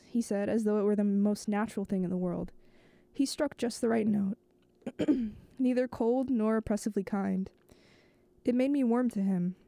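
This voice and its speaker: A woman host reading a novel aloud, slow and measured, now and then stumbling and restarting a phrase. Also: mid-range voice, gravelly, warm tone, dry recording.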